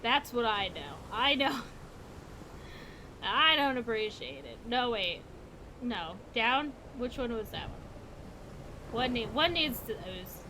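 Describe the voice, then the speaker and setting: A woman's voice: a little high, animated, slow pace, long pauses, pushed and bright, a little hiss or hum. A woman streaming a puzzle game, muttering to herself and swearing in exasperation. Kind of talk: casual gameplay commentary.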